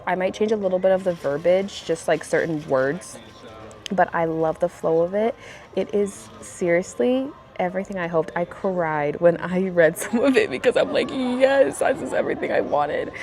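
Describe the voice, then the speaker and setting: A young woman in her twenties vlogging casually, emotional and excitable, gushing over her new app. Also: fairly low pitch, normal speed. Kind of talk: casual vlog chat.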